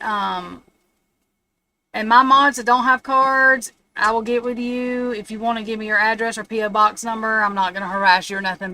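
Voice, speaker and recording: A woman's voice: on the high side, pushed and bright. A woman giving a casual, rambling tarot reading on a live stream from her home. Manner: chatty, rambling, laughs at her own remarks. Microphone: streaming setup.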